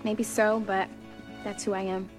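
A woman's voice: medium pitch, level tone, measured pace, soft background music, lightly acted. An actress playing a teen girl who puts on heavy street slang, then drops it to speak with careful enunciation. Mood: confessional. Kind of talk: film dialogue.

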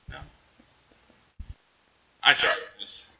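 A man casually recapping a movie in animated chat, jumping into the characters' voices now and then. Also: medium pitch, muffled recording, noisy background. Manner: animated, acts out characters in quick bursts.

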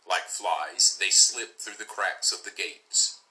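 Low-voiced guy reading an old myth, slow and solemn, bright crisp tone. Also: rough recording. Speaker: narrator.

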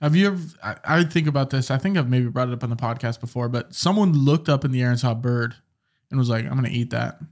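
A man's voice: mid-range voice, quick pace, a little mellow. A young man co-hosting a casual podcast who rambles through jokes and imagined scenes. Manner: joking, rambling storyteller with mild swearing. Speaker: podcast co-host.

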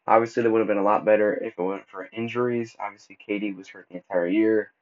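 Casual low-voiced man, lo-fi podcast. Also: fairly even intonation, fast talker, darkish tone. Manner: casual, stumbles and restarts often; laid-back slang like bro and dude. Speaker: podcast host. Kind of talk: casual solo sports podcast. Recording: dull lo-fi recording.

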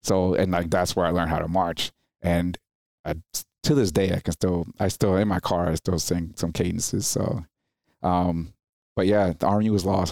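A man's voice: low-pitched, normal speed, gravelly, no room sound, studio quality. A man in his thirties, a military veteran guest, telling stories in a casual interview and acting out the people he quotes. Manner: animated, acts out quoted people in raised voices. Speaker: podcast guest, Marine veteran.

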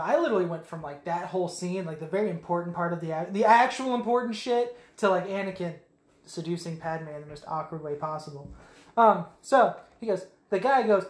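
A man's voice: high voice, animated, brisk. A man co-hosting a podcast, recapping a movie in a rambling, profane, casual way. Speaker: podcast co-host. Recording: echoey room.

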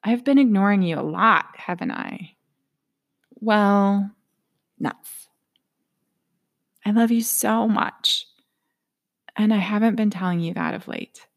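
A woman's voice: medium pitch, takes it slowly, pauses often. A woman giving a reflective motivational talk, earnest and candid, sometimes dropping to a near whisper.

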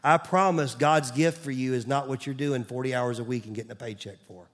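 A man's voice: mid-range voice, a little fast. A man, preaching a sermon as pastor in a conversational way, sometimes dropping to a near-whisper. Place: church stage.

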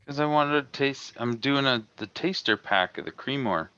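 A man's voice: medium pitch, animated, normal speed, pushed and bright, no echo, dull audio. A man co-hosting a casual podcast over a video call, laid-back and teasing. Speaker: podcast co-host. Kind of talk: casual chat. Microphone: home mic on a video call.

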